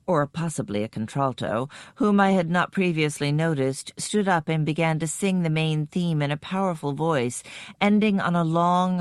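A woman narrating a first-person story in a measured, even storytelling manner. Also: deep voice, clean tone, no room sound, clean studio sound. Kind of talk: scripted audiobook narration.

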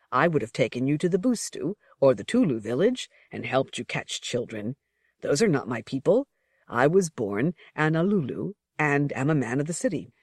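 A reader voicing a deferential male servant who acts as a guide, speaking calmly and politely. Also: medium pitch, slightly rough, dry recording, studio quality. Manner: calm, polite, explaining.

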